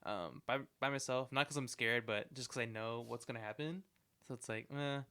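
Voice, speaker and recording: A young man chats loosely as a podcast co-host, wandering through his points with plenty of fillers. His voice is smooth and clear, and it sits at an ordinary pitch for a man. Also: brisk, sharp tone. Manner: rambling, lots of "like" fillers. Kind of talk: casual chat.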